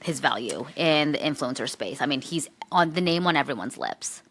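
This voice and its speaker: A woman co-hosting a podcast, giving quick opinionated takes in casual chat. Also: deep voice, animated, a bit bright. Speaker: podcast co-host.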